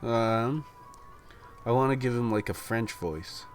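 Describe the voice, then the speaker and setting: Faint music plays behind a young man of medium pitch who slowly reads a visual novel on his podcast. He pauses to chat, laughs readily and makes fun of himself.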